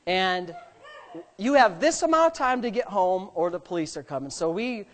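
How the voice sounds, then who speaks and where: A man's voice: high-pitched, moderate pace. A middle-aged man, a pastor, telling a story in a sermon and acting out the voices. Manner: animated, acts out voices.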